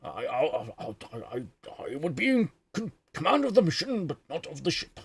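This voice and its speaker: A man's voice: a little high, sing-song, moderate pace, creaky, breathy edge, pitched above the performer's own voice, full character voice. A man doing a flustered, stammering impression of an elderly male starship admiral. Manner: stammering, repeating himself.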